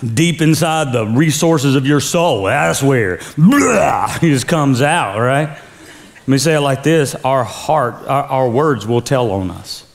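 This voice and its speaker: A man's voice: medium pitch, slow, vocal fry. A male pastor preaching a sermon with energy, calling on the congregation to repeat after him. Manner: energetic preaching with call-and-response. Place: church sanctuary.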